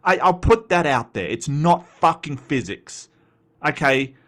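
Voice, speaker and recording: Australian male commentary host, voice sits fairly high with a lot of swing, loose and profane delivery. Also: sing-song, measured pace, a bit bright. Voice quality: sweary, blunt, rambling with restarts. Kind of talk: casual reaction commentary, reading chat.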